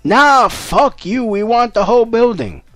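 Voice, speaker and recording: A man's voice: high voice, big pitch swings, takes it slowly, pushed and bright, faint music behind, pitched above the performer's own voice, full character voice. A man putting on the voice of a hostile, greedy male squatter who swears and threatens, in a mocking tone. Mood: snarling, threatening. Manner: snarling, profane, mocking.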